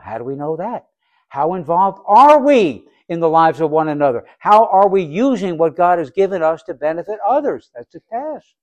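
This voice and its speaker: A man preaching a sermon as pastor, asking rhetorical questions and acting out little scenes, swinging between quiet and loud. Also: medium pitch, no room sound, muffled recording. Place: church sanctuary.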